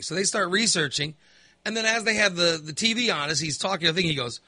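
A man with a fairly high, bright voice launches into a casual political rant. He sighs, swears and slips into mocking impressions of the people he is talking about. The sound is close and dry, with no room around it. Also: quick pace, no echo. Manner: animated, mocking quotes of others, swears, sighs.

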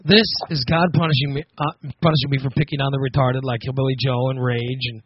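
A middle-aged American man hosting a casual comedy podcast, rambling and sarcastic, now and then breaking into loud mocking voices. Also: medium pitch, little pitch movement, fast talker, highs cut off, slight background noise. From United States. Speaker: podcast host.

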